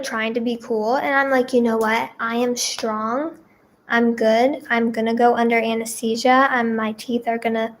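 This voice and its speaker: Young female vlogger with a slightly raised voice, rambling casually through a story told to camera. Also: on the high side. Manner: rambling, repeats herself, lots of "like".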